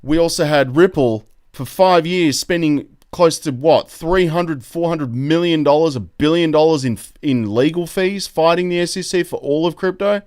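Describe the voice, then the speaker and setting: An Australian man hosting a live crypto stream, talking excitedly and rambling as he reads out the chat. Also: on the high side, normal speed, few pauses, no room sound, studio quality. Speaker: crypto YouTube host.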